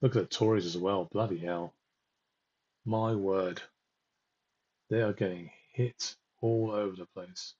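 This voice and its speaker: A man with a fairly low, husky voice rants through election results on a live stream. He talks straight to his viewers, exasperated and scornful. The sound is dull and lo-fi. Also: fairly even intonation, measured pace, long pauses, a little mellow. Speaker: political livestream host.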